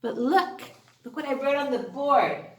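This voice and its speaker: A woman's voice: high voice, a little slow. A woman teaching a phonics lesson to young children, sing-song and exaggerated, drawing out her sounds. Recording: echoey room.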